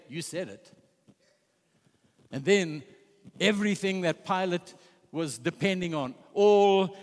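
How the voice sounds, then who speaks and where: A man's voice: sits high, big-room sound. A man preaching a sermon with passion, retelling scripture and quoting its figures. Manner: impassioned, retelling scripture with quoted voices.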